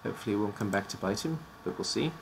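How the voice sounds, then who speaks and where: On a live stream, a man with a lowish, creaky voice introduces teams in a casual, animated way and talks very fast. A faint hiss or hum sits in the audio, his voice seems slightly tired, and he cracks jokes as he trips over odd names.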